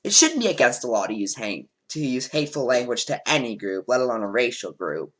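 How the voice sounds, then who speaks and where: A man's voice: medium pitch, sing-song, fairly quick, fairly bright tone, low-quality recording. A man and let's play host, reading quiz statements aloud and answering them bluntly, with frequent ums, on a home desk microphone.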